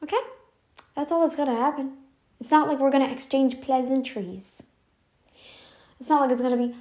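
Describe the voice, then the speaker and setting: Insistent, repetitive woman vlogger, higher voice. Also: warm tone. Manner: insistent and repetitive, drawn-out emphatic phrasing. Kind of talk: casual to-camera commentary.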